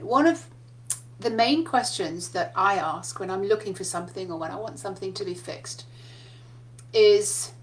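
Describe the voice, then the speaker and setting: A woman's voice: medium pitch, moderate pace. A woman giving a casual spiritual talk, telling stories in a chatty way and laughing often. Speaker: spiritual teacher.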